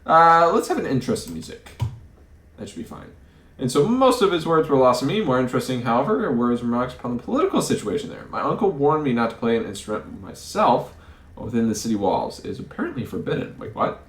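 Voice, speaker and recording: Guy narrating a story game and thinking out loud, voice bounces around a lot, echoey room. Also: medium pitch, very animated, fast talker. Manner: muses aloud, stumbling over words and chuckling. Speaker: let's play host. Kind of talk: reading game text aloud and commenting.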